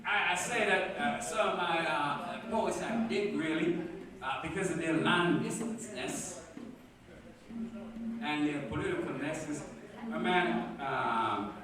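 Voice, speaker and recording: A man with a fairly high voice performs spoken word poetry live, rolling from rhythmic chanted verses into loose, profane asides. He sounds far from the mic, in a very echoey bar with a loud crowd murmuring behind him. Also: slow. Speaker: performance poet.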